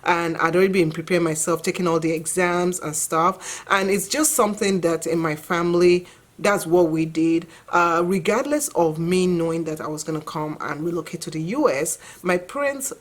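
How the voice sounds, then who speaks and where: A woman's voice: lowish voice, normal speed. A woman, earnestly telling her own story to camera in a casual vlog. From Nigeria. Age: 40s. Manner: reflective, earnest, conversational with fillers. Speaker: vlogger and mother.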